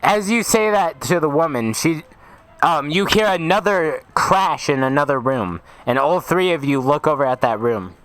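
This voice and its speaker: Lively young game master, fairly high voice. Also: male voice, normal speed, low-quality recording. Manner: casual, stumbling, teasing. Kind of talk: narrating a tabletop game over voice chat.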